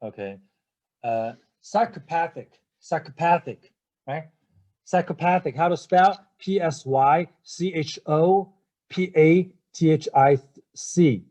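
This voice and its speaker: Slow, mellow-voiced male teacher. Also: on the high side. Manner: spells words letter by letter and checks in with "okay?" and "right?"; hesitant, many fillers and restarts. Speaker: English teacher. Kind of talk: recorded vocabulary lecture.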